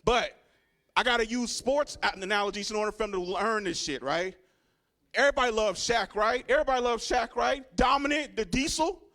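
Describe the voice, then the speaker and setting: A man's voice: extremely high pitch, brisk, fairly bright tone. A young man from Richmond, doing a crude, swaggering stand-up set and talking straight to the crowd. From Richmond, California. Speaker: stand-up comedian. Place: comedy club stage.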